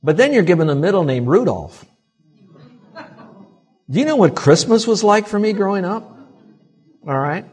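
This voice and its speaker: A man preaching a sermon in a church, with animated swings from quiet, intimate remarks to loud emphatic lines. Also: high voice, moderate pace, pauses often, husky. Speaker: pastor.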